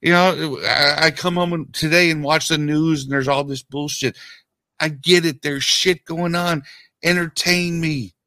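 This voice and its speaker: A man's voice: a little high, fairly even intonation, unhurried, bright, forceful tone, no room sound, studio quality. A man in his forties chatting casually about a movie, stammering on repeated words and laughing often. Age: 40s. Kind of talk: casual chat.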